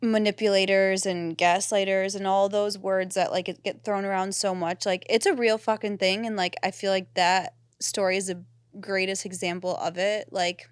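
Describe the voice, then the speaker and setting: A woman's voice: mid-range voice, level tone, normal speed, clean tone, no room sound, studio quality. Young woman, reflective, supportive co-host. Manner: supportive, reflective commentary with casual swearing. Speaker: podcast co-host. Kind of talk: candid casual chat.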